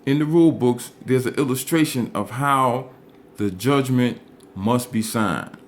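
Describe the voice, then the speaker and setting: Man, mid-pitched, lecturing on legal rules in a measured, emphatic read, with faint hiss behind him. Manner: deliberate, emphatic, repeats key words. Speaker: legal explainer. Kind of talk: instructional talk reading statutes aloud.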